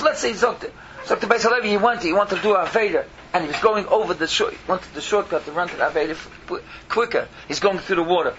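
A man giving an impassioned sermon, with a gravelly voice, swinging from loud bursts to hushed pleading. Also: high-pitched. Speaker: rabbi giving a talk. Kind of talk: animated Yiddish-laced sermon. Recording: slightly dull sound with faint noise.

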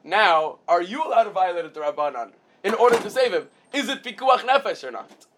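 A man's voice: high voice, animated, a little fast, a bit bright, slight background noise. A man teaching a casual Talmud class, explaining with everyday examples and often restarting his phrases.

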